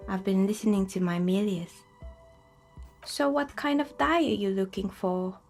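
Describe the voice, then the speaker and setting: A woman voicing a polite, soft-spoken female dice maker in a video game, calm and friendly. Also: mid-range voice, unhurried, music in the background, lightly acted.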